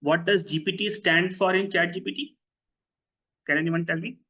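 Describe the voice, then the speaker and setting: A man's voice: sits high, steady tone, normal speed, bright, forceful tone, rough recording. A man gives a live online lecture, explaining step by step and often asking his audience questions. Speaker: webinar presenter.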